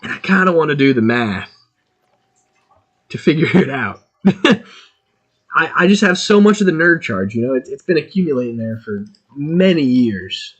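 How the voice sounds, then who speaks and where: Animated man chatting through a game stream. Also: on the high side, normal speed, pauses often, slightly rough, lo-fi sound. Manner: chatty, excitable, thinking aloud while playing. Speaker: gaming streamer.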